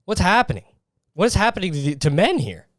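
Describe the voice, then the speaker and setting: A man's voice: high-pitched, big pitch swings, a little fast, no echo, studio quality. A young man hosting a solo podcast, ranting in an exasperated, profane way about other people's habits. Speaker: podcast host.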